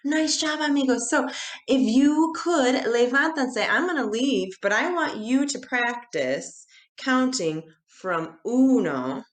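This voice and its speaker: A woman teaching Spanish numbers to children in an upbeat video lesson, animated and encouraging, drawing out the words as she counts. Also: on the high side, a little slow, echoey room.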